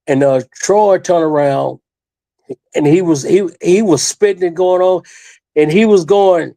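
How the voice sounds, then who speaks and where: In a studio interview, an older man who used to wrestle tells a long story in a high, mellow voice, unhurried and without echo. He rambles, emphasizes his points, and often restarts and repeats phrases.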